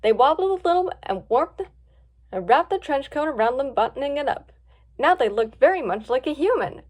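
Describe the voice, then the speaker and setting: A woman reading a story aloud with plenty of lift. Her voice is high and moves up and down a lot as she brings the scenes to life. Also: fairly quick. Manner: lively, expressive reading. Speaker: story reader.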